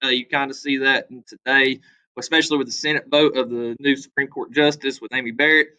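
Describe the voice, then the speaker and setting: A man's voice: mid-range voice, steady tone, a little fast, bright, forceful tone, low-quality recording. A man teaching a casual history review, talking loosely with frequent fillers. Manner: loose, conversational, many "uh" fillers, acts out quotes.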